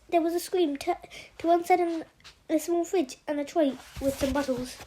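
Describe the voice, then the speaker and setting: A woman reading a novel aloud in a halting way, often stopping to restart and correct herself. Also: high voice, dark tone, a little hiss or hum. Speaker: audiobook reader.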